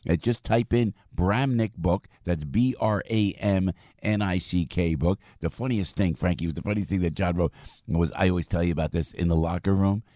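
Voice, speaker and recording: A deep-voiced radio host with a New Jersey accent, rambling and excitable as he plugs products on air. His low voice sits close and dry on the studio mic. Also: moderate pace, no echo. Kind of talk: talk radio host reading live ads.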